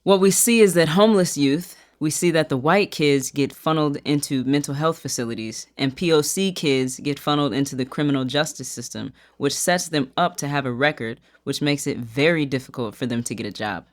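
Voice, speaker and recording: An advocate explaining things in an interview, speaking in a measured, explanatory way. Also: mid-range voice. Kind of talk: recorded interview clip.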